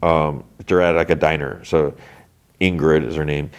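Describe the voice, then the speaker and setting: Deep-voiced podcast guy rambling through a show recap, lots of likes and ums. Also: fairly even intonation, moderate pace, clear, resonant tone. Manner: rambling, loose retelling with many fillers. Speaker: podcast host. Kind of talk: casual episode recap.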